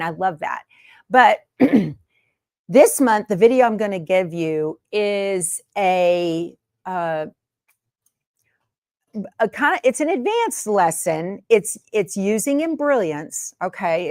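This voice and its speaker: A woman's voice: mid-range voice, animated, slow pace, darkish tone, no echo, clean studio sound. A woman hosting her sewing channel in a chatty, homey way from her sewing room. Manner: chatty and homey, many fillers. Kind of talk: casual chat to camera.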